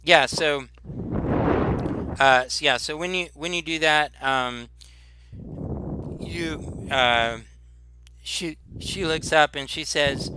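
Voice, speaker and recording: A man running a tabletop game as game master, narrating haltingly with many restarts. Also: on the high side, noisy background.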